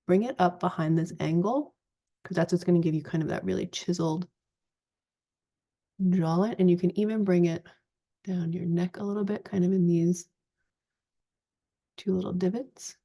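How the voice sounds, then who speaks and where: A woman in her forties giving a chatty, relaxed step-by-step makeup tutorial. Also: lowish voice, moderate pace, long pauses. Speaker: makeup vlogger.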